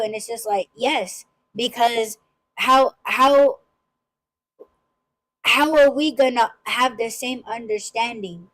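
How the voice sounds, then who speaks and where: A woman's voice: a little high, steady tone, measured pace, fairly bright tone, poor audio. A woman hosting a casual podcast chat, talking emphatically with frequent restarts and swearing. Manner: emphatic, swearing freely, many repeated restarts. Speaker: podcast host.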